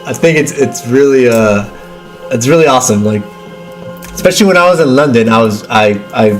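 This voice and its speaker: A man's voice: mid-range voice, lively intonation, fairly quick, soft background music. A young man hosting a casual movie watchalong stream, stammering and repeating his words and saying "dude" a lot. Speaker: livestream host.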